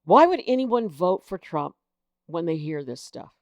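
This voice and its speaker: Host: woman, low-ish voice that swings widely, unhurried, sounds indignant and incredulous. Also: big pitch swings, a little mellow, no room sound, studio quality. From United States. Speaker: political commentator, host. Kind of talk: casual political commentary, reading news aloud.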